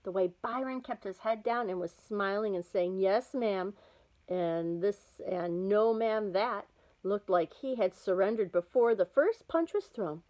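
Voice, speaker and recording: A woman reading a children's novel aloud, with lively, expressive storytelling. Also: medium pitch, measured pace, rough recording. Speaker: storybook reader.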